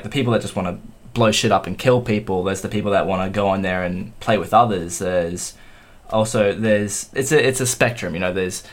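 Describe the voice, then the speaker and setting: Hesitant young man, casual chat. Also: on the low side. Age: young adult. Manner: hesitant, halting, with fillers. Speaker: podcast guest.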